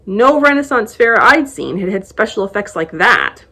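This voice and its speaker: Book blogger, female, mid-pitched voice, expressive first-person reading of a novel excerpt. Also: moderate pace.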